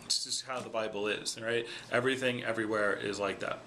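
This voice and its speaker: A man talks straight to his viewers in a casual, argumentative way and keeps checking in with them as he explains. His voice is bright and forceful. A faint hiss of background noise sits under the recording. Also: fairly low pitch, steady tone, fairly quick. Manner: explaining, repeats "okay?" for emphasis. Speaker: vlogger.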